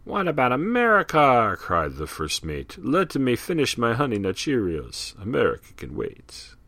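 A man's voice: fairly low pitch, very animated, measured pace, vocal fry, a bit bright, no room sound, exaggerated voice. A man doing a singsong cereal ad storyteller. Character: excitable male ad narrator, cereal rhyme. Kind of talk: storybook ad reading.

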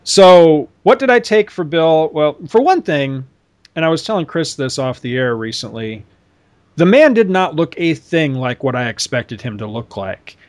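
A man's voice: fairly high pitch, normal speed. A man co-hosting a podcast in casual chat, rambling through stories with lots of fillers and asides. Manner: rambling, animated storytelling with many fillers. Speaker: podcast co-host.

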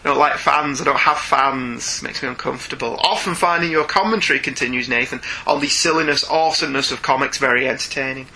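A man's voice: mid-range voice, quick pace, gravelly, few pauses, bright, forceful tone, a little hiss or hum, low-quality recording. A man from Ireland with a sore throat, co-hosting a podcast and reading listener emails aloud in casual chat, laughing often as he goes.

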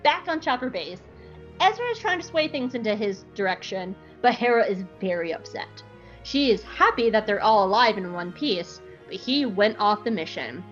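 A woman's voice: medium pitch, normal speed, dull audio, faint music behind. A woman podcast host recapping an episode in casual, joking chat. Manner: animated, joking, irreverent.

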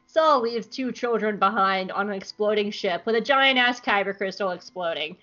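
A woman co-hosting a podcast, recapping an episode in a lively, joking way and briefly mimicking the characters. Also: medium pitch, moderate pace, lo-fi sound. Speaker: podcast co-host.

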